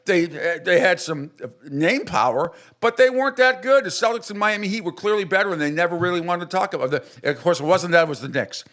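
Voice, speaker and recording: Animated, fired-up man on sports radio. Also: brisk, few pauses. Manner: animated, mocks others in high exaggerated voices. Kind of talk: opinionated sports radio rant.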